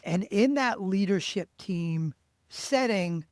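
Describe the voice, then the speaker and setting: A man's voice: high voice, animated, takes it slowly, no room sound, clean studio sound. Conversational male podcast host. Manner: conversational, searching for words. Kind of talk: podcast interview.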